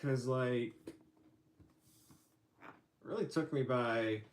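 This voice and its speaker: A man's voice: medium pitch, takes it slowly. A man hosting his own livestream, chatting casually with lots of fillers and restarts. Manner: rambling, hesitant, many fillers. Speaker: channel host.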